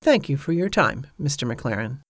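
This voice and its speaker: A reader voicing Evangeline, an anxious, proud widow who speaks earnestly and answers back sharply. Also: female voice, rumbling low, sing-song, moderate pace, dry recording, clean studio sound, exaggerated voice. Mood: defiant. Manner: earnest, pleading then sharp. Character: anxious, proud widow facing a dangerous venture.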